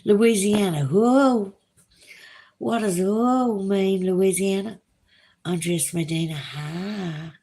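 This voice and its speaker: A Southern woman chatting on her livestream, taking her time over each viewer comment. Her delivery is slow and drawling, relaxed and talkative, with the Southern accent plain to hear. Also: medium pitch. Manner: chatty, drawling, reads comments aloud slowly. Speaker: livestream host reading chat. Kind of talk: casual livestream chat.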